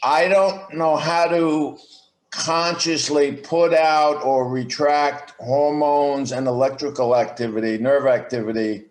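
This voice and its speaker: A man's voice: fairly high pitch, steady tone, echoey room. A man speaking as a podcast guest over a video call, explaining his ideas thoughtfully and restarting his sentences often. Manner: slow, reflective explaining with frequent restarts. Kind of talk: conversational interview.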